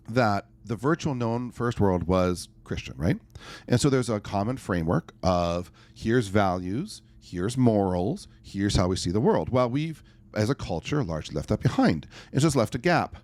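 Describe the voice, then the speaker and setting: A man, a life coach and podcast guest, talking emphatically and telling stories in a conversational interview. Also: mid-range voice. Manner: emphatic, animated storyteller.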